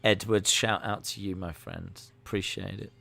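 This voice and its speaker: A man's voice: low-pitched, fairly even intonation, normal speed, vocal fry, sharp tone. A man hosting a live stream, reacting to wrestling in casual commentary, joking and answering chat messages. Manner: jokey, reads out and answers chat.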